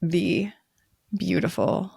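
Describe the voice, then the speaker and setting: Bubbly young American woman, podcast co-host, slightly low with vocal fry. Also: little pitch movement, slow pace, a little mellow, no room sound, studio quality. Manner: bubbly, chatty with fillers. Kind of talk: casual chat.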